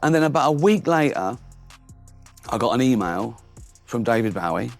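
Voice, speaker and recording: A middle-aged English comedian appears as a talk show guest, telling cheeky anecdotes through laughter and often restarting his sentences. His mid-range voice swings widely in pitch at a moderate pace, with vocal fry, over soft background music.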